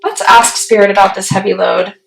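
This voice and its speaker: A woman giving a solo tarot reading, musing aloud and pausing to put questions to spirit as she turns the cards. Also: medium pitch, steady tone, vocal fry, noisy background. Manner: slow, musing, talks to spirit mid-reading. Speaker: tarot reader. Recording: roomy echo.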